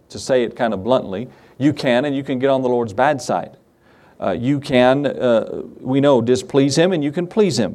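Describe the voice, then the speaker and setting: An emphatic sermon comes from a pastor with a mid-range, slightly mellow voice, who asks his own questions and answers them.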